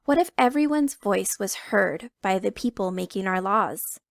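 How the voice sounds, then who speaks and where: A woman reading a picture book aloud to children, telling it in the first person with expressive emphasis. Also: mid-range voice, a little slow, vocal fry, no echo, clean studio sound. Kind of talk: read-aloud storytelling.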